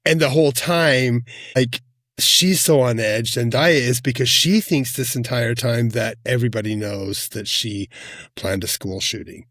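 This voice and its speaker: A man co-hosting a film podcast, speaking at an ordinary middle pitch. He tells things in an animated, casual way and laughs easily. The sound is close and dry, with no room around it. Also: unhurried, no echo. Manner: animated, laughs often, loose conversational storytelling. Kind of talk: casual film review chat.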